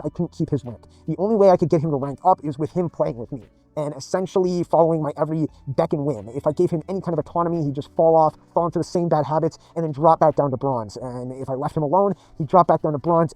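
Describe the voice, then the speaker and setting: A man with a slightly high voice tells a rambling personal story. He is emphatic, repeats himself and swears freely. The sound is close and dry, with faint music underneath. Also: mellow, no room sound. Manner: emphatic and repetitive, swears often. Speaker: gaming video creator.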